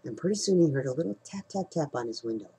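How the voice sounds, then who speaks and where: A man's voice: a little high, lively intonation, quick pace, warm tone, husky, rough recording. A middle-aged man, telling a story in a rambling, casual way as he leads a team call, with frequent restarts and fillers. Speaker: team leader hosting a call.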